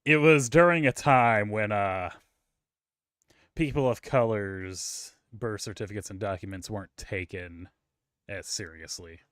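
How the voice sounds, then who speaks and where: Man, casual co-host, deep-ish voice, rambling, cussing, filler-heavy. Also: a little slow, a bit bright, no echo, clean studio sound. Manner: rambling, profane storytelling with many fillers. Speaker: podcast co-host. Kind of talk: casual chat.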